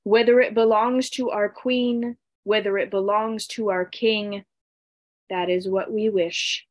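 A woman voicing two small sexless creatures made of dirt who moan along softly and answer firmly. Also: medium pitch, slow, close to an everyday voice. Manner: echoing moans, soft and steady.

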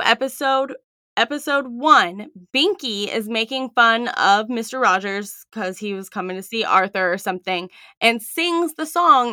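Female podcast co-host, earnest, bright tone, dry close mic. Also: a little high, no echo. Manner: earnest, matter-of-fact, reports findings. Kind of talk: casual chat.

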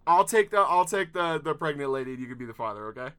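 A man's voice: fairly high pitch, lively intonation, bright, forceful tone, clear, resonant tone. A man chatting casually and joking as he sets up an improv scene. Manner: quick, joking, directs the scene. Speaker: improv performer. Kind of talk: casual chat.

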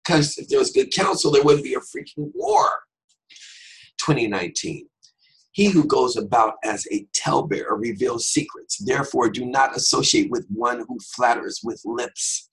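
A man's voice: mid-range voice, big pitch swings, normal speed, vocal fry, breathy edge, poor audio. A man hosting a devotional podcast who teaches scripture conversationally and drifts into humorous asides.

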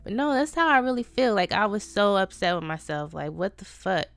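A woman's voice: medium pitch, big pitch swings, a little fast, fairly bright tone, no echo. A woman hosting her own podcast, venting in a casual, profane, self-deprecating way. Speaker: podcast host. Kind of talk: casual solo podcast monologue.

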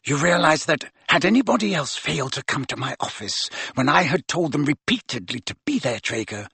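A man voicing a cold, stern male schoolmaster who speaks low, quietly and in clipped phrases, in an audiobook. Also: lively intonation, a little fast, vocal fry, husky, no echo, heavily acted. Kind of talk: audiobook character voice.

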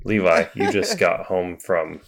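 A man's voice: low-pitched, steady tone, a little slow, gravelly. A man hosting a podcast in casual chat, reacting in a dry, understated way. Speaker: podcast host.

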